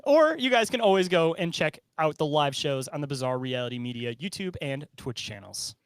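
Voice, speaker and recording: A man's voice: a little high, animated, normal speed, clean tone, dry recording. A man co-hosting a casual comedic podcast, joking and laughing often. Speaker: podcast co-host.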